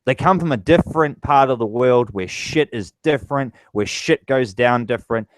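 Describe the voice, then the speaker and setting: A man's voice: mid-range voice, lively intonation, normal speed, dry recording, low-quality recording. A man vlogging a heated, profane political rant straight to his viewers. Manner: angry, profane ranting.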